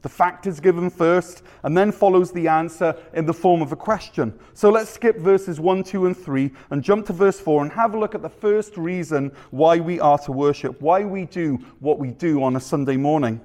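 A male pastor from Canada preaching a sermon in a church, with measured delivery and rhetorical questions. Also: a little high, a little mellow. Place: church sanctuary.

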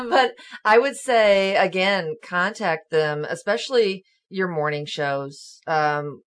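A woman's voice: fairly low pitch, animated, takes it slowly. A woman from a radio station, a guest on a panel, talking in an easygoing, self-deprecating way and laughing often. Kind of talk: casual panel discussion.

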